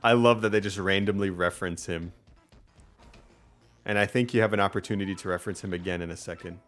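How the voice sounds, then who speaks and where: A man's voice: sits low, steady tone, quick pace, fairly bright tone. A young man casually commenting while playing a game, chatty and laughing at his own lines. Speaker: lets-play commentator.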